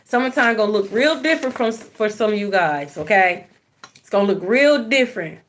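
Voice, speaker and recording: A woman's voice: mid-range voice, animated, brisk. A woman giving a spiritual card reading, blunt and profane, preaching and repeating phrases for emphasis. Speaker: tarot card reader.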